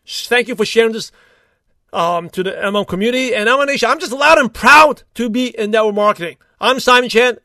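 A man hosting a solo podcast, talking in an upbeat, rambling way with quick asides and restarts. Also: very high voice, sharp tone, no room sound, studio quality. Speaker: podcast host. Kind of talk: solo motivational podcast talk.

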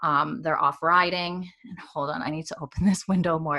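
Low-voiced chatty woman, bright tone. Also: steady tone, normal speed. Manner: chatty, filler-heavy with frequent "like". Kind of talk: casual chat recapping a TV episode. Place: warm indoor room with radiators.

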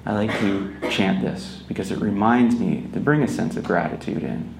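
A man's voice: on the low side, normal speed, gravelly, noisy background. A man, a meditation teacher giving a casual, storytelling dharma talk at a retreat. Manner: casual storytelling, gentle and laughing. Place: retreat hall, indoors. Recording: echoey retreat room.

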